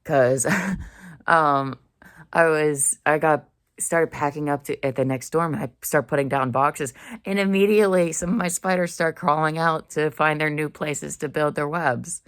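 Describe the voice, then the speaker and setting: A woman's voice: sits low, fairly even intonation, measured pace, no echo, clean studio sound. A young woman in a dorm room talking casually into the camera, rambling in a slangy, blunt way. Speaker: vlogger. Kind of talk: casual monologue.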